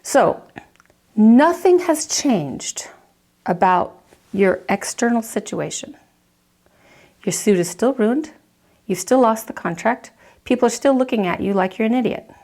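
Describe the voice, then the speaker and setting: A woman's voice: on the high side, lively intonation, a little mellow. Storytelling woman teaching a lesson. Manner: vivid storyteller, acts out reactions in quick asides. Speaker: counselor teaching a course.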